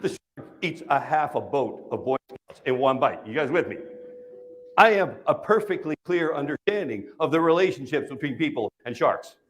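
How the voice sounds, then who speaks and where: Male keynote speaker, slightly high voice, lively pitch, working the room with questions. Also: normal speed. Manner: animated, asks the audience questions, jokes. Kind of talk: storytelling talk to a live audience. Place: conference stage.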